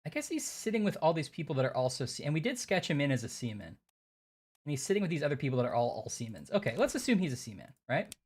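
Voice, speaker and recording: A woman's voice: low-pitched, sing-song, quick pace, a little mellow, husky. A young woman chatting playfully while she plays a mystery game on stream, thinking aloud. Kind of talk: casual game-stream chat.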